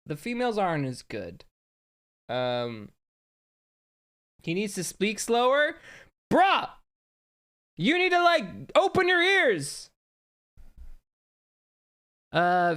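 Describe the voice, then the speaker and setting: A young adult streamer chatting live, excitable, jumping between mumbled asides and loud outbursts, with keyboard typing behind. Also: medium pitch, creaky, no room sound, studio quality.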